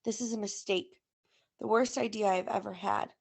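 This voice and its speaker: A woman teacher reading a first-person novel aloud to a class in a steady storytelling way. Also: medium pitch, normal speed, creaky, slightly rough.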